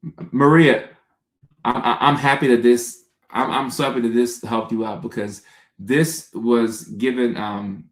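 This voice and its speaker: A man hosting a casual livestream, answering viewers' comments by name in an unhurried, conversational way. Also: medium pitch, fairly even intonation, roomy sound. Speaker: comedian and livestream host answering chat.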